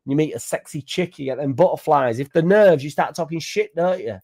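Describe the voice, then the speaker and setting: A young man, hosting a fan channel in casual live-stream chat, rambling and excitable with sweary banter. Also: fairly high pitch, a little fast. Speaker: football fan channel host.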